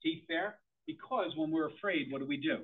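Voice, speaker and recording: A middle-aged man presents to a room of parents, firing questions at them in an animated, up-and-down delivery. His voice is a little husky and sits fairly high for a man. The sound is thin and tinny, like a phone line. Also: a little fast. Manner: animated, quizzes the audience.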